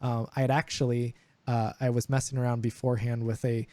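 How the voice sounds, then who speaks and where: A man's voice: medium pitch, level tone, brisk, a little mellow, no echo. A young man running a tabletop game as dungeon master, chatting casually with many fillers and restarts. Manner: rambling, frequent fillers and restarts. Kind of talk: casual chat over voice call.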